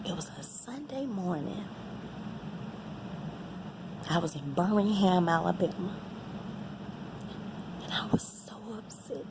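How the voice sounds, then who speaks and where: A woman tells a personal story, repeating herself and often sinking into a breathy whisper. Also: medium pitch, background noise. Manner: emotional, repeats phrases, drops to a breathy whisper. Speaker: vlogger sharing a personal testimony.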